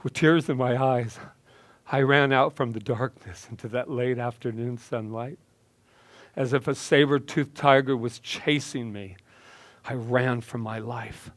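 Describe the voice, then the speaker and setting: A male minister telling a personal story in a slow, deliberate, dramatic way. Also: medium pitch, fairly even intonation, no echo. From United States.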